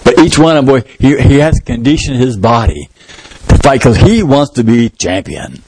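A male pastor preaching a sermon in church, telling a story with lively, shouted sound effects. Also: mid-range voice, moderate pace, noisy background.

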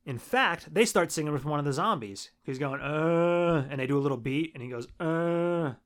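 A man's voice: on the high side, animated, quick pace, a bit bright. A man co-hosting a casual movie review podcast, laid-back and swearing freely. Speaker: podcast co-host.

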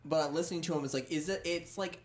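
A man's voice: on the high side, steady tone, fast talker. A man co-hosting a casual podcast, joking and bantering with his friends. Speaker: podcast co-host. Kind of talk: casual chat.

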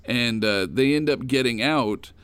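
A man casually retelling old comic stories in a rambling, animated way. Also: mid-range voice, unhurried, clear, resonant tone, dry recording. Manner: rambling, animated storytelling with fillers.

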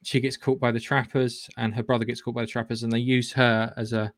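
A man's voice: mid-range voice, level tone, fairly quick, no room sound, studio quality. A man hosting a podcast, retelling a film in a rambling, swearing, casual way with lots of restarts. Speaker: podcast host. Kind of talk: casual film recap chat.

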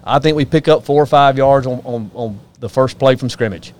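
A man's voice: medium pitch, fairly quick, darkish tone. A man hosting a casual sports talk show, folksy and opinionated, ribbing his guests.

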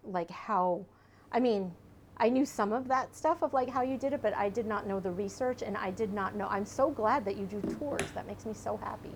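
A woman with a gravelly, creaky voice chats on a podcast, keeping up a run of supportive yeahs and rights. Her pitch sits in the middle range. A faint hiss sits behind her. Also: normal speed. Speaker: podcast co-host. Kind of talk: casual chat.

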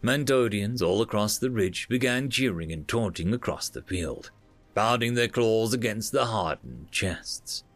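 A man narrating a fantasy story in an expressive, dramatic reading style. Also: on the low side, unhurried, no room sound, faint music behind.

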